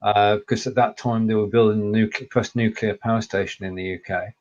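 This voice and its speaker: A man from Lancashire and Cumbria with a mixed northern English accent, co-hosting a casual live chat and explaining things in a measured way. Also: fairly low pitch, steady tone. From Lancashire and Cumbria, England. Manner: measured, explanatory, reads out viewer comments. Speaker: co-host, local historian. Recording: slightly dull lo-fi sound.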